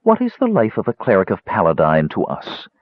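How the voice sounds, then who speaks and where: A man reading the part of a proud female sorceress who speaks in a low, cold, scornful way. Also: huge pitch swings, a little fast, no echo, dull audio.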